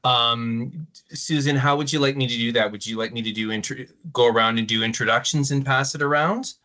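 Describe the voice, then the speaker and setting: A man's voice: medium pitch, fairly quick, sharp tone. A man, an assistant superintendent, leading introductions in a virtual meeting in an upbeat way with some fillers. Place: video call.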